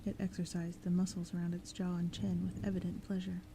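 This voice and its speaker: A woman reading a story aloud in a gentle, calm, soft-spoken audiobook style, sometimes slipping into whispers. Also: fairly low pitch, a little fast, noisy background. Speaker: audiobook reader. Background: thunderstorm sounds.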